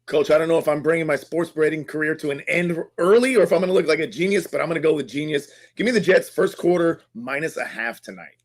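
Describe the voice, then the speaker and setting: A man on a betting panel gives his picks quickly and pokes fun at himself. His voice is a little high for a man. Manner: quick and self-mocking. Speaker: show panelist.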